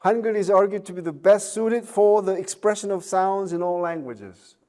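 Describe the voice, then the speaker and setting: A man's voice: high-pitched, normal speed, darkish tone. A man giving a recorded university lecture, chatty, with joking asides, many fillers and tag questions.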